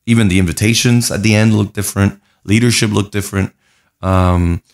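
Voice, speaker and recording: Low-voiced pastor from Puerto Rico, earnest guest telling his story in lists. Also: fairly even intonation, brisk. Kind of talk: casual interview conversation.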